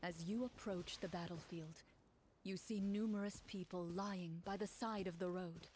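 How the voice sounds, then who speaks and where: A woman serving as game master, narrating a tabletop role-play in a measured, descriptive way. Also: on the low side, fairly even intonation, a little mellow, slight background noise.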